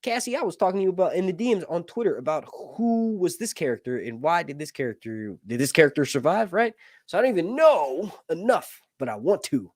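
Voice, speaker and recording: With a sing-song voice on the high side, talking a little fast, a man hosts his YouTube channel's casual livestream chat. He's joking and rambling, frequently cuts himself off, and swears offhandedly, all in studio quality with no room sound.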